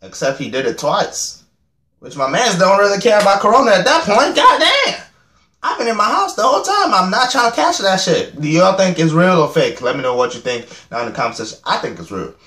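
A man's voice: high-pitched, big pitch swings, brisk, pushed and bright, reverberant. A young man reacting to a music video, chatting in a rambling, self-mocking way and laughing at himself often. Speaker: reaction vlogger. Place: home room.

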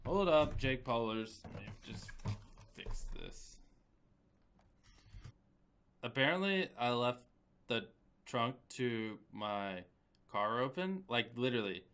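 A young man with a cold talks casually to his viewers, and his pitch swings widely. His voice is bright and forceful. He repeats a chant and breaks off into sudden shouts and quick mumbled asides. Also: expressive, clean tone. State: has a cold. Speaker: video creator. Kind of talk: casual chat.

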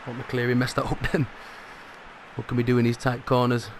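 A man commentating his own football video game match as he plays, excitable and rising sharply in pitch at big moments. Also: fairly quick, background noise. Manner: excitable, rises sharply at goals. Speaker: gaming commentator.

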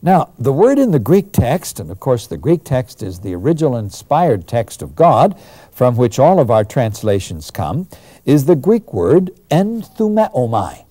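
A man giving a lecture on the New Testament, telling the story with animated emphasis. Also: medium pitch, a little slow, no echo.

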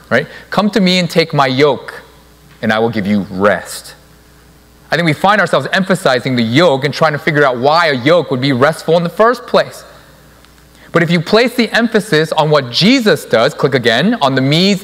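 A man's voice: mid-range voice, a bit bright, big-room sound. A young adult man preaching a sermon in a church, stressing key words by repeating them. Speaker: pastor. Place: church sanctuary.

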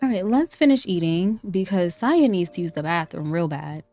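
A young woman giving casual commentary on a life-simulation game, chatty and playful, laughing often and breaking into excited exclamations. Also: on the low side, moderate pace. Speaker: let's play streamer. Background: faint lofi background music.

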